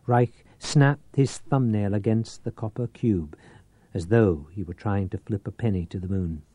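A man reading a novel aloud as an audiobook narrator, with a measured, theatrical delivery. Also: on the low side, mellow, husky, no echo.

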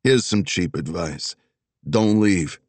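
A blunt old ex-cop with a heavy Philadelphia accent, wisecracking from behind a security desk, as a man puts him on for an audiobook. The voice sits low but swings widely in pitch. The sound is dry and close. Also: expressive, takes it slowly, a little mellow, no room sound, exaggerated voice. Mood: gruff. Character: gruff seventy-year-old ex-cop security guard, teasing.

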